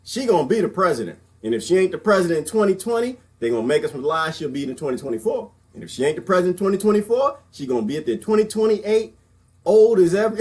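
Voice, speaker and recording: A man ranting in a casual vlog, loud and expressive, laughing between his points. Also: high-pitched. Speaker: vlogger.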